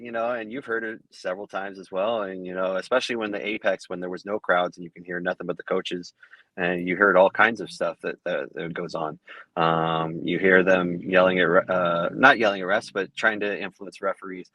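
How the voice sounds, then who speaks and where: A man, a fight judge guest, answering interview questions in a halting way full of fillers and restarts. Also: sits low, level tone, sharp tone, dry recording. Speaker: MMA judge, podcast guest.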